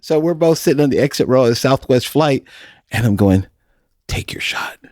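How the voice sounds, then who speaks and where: A man's voice: mid-range voice, lively intonation, fairly quick, darkish tone, no echo, clean studio sound. A middle-aged man hosting a podcast, telling stories in a folksy, casual way and laughing often. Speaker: podcast host.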